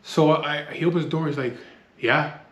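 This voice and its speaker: A man's voice: fairly high pitch, steady tone, fast. A man telling a street story in a blunt, profane, casual way. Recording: echoey room, faint noise.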